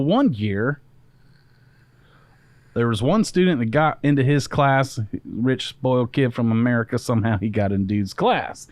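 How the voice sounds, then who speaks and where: A man's voice: medium pitch, darkish tone, dry recording. Emphatic man telling a story. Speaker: podcast host and mentor. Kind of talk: casual podcast chat and storytelling.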